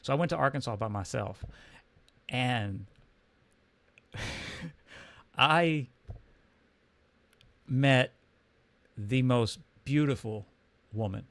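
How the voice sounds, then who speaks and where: A man's voice: medium pitch, drawn-out words, vocal fry, long pauses, fairly bright tone, no room sound. A man from Texas with a Texan accent, telling a personal story on a livestream in a casual, rambling way, full of restarts and fillers. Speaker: comics livestream host.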